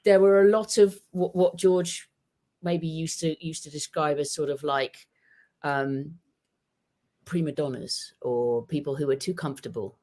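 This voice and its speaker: A woman football journalist, a guest on a podcast interview, talking in a thoughtful, animated way with frequent restarts. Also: sits low. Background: dog nearby at home.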